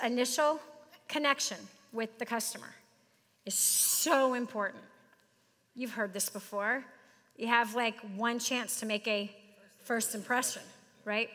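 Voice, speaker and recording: A middle-aged woman giving an animated, joking seminar talk to a live audience, speaking straight to the crowd. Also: on the high side, long reverb tail. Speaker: business speaker. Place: large hall with audience.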